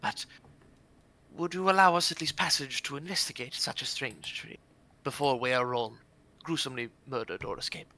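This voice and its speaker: A man's voice: medium pitch, moderate pace, bright, forceful tone. A man playing a courteous male wanderer who preserves lost knowledge, speaking in grand, formal phrasing. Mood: courtly.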